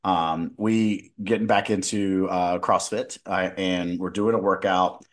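A man's voice: low-pitched, fairly even intonation, a little slow. A man in his thirties, a podcast co-host and dietitian, chatting casually and telling a story with many restarts. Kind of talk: casual conversational chat.

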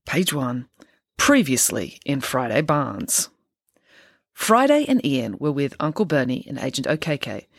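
A woman podcast host and author, chatty and animated, reading her own children's book aloud. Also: very deep voice, unhurried, creaky, dry recording, clean studio sound.

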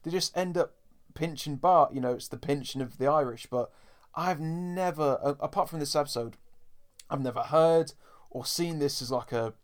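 Chatty podcast host. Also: male voice, on the high side, moderate pace. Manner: chatty, addresses listeners as folks. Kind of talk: casual chat.

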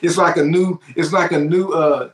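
A man's voice: on the high side, steady tone, moderate pace, roomy sound. A man preaching a sermon, fervent and exclaiming, repeating his phrases for emphasis.

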